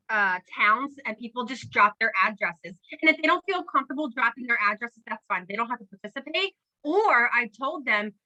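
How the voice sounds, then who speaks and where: A woman talking excitedly on a casual group call, emotional and dropping mild swears. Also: on the high side, dull audio. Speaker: team member sharing tips.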